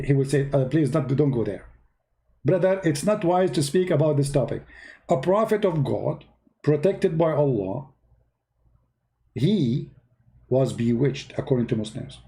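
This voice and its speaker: Sarcastic man with halting non-native English. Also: on the high side, gravelly, mellow. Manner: sarcastic, mocking, talks directly to viewers. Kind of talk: casual commentary to viewers.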